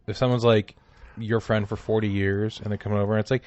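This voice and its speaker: A man co-hosting a comedy podcast, chatting casually with sarcastic, animated delivery. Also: fairly low pitch, quick pace, dry recording, lo-fi sound. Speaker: podcast co-host.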